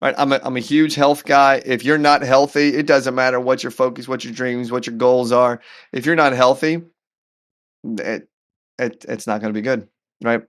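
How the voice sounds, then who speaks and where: A man as a podcast guest telling a personal story in an animated, earnest way, often repeating words as he goes. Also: mid-range voice, normal speed. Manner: faith-centered, earnest. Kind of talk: storytelling in conversation.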